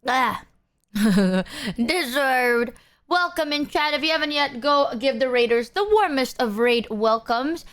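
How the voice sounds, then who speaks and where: A woman's voice: high voice, expressive, slow pace, a bit bright. A young woman streamer chatting casually with her viewers, swearing freely and sometimes talking while she eats. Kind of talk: casual live-stream chat.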